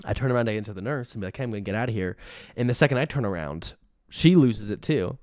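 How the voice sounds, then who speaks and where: A young man doing a rambling comic monologue, deadpan and self-pitying, sometimes cracking up at himself. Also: on the low side, fast, no echo, clean studio sound. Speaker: comedian.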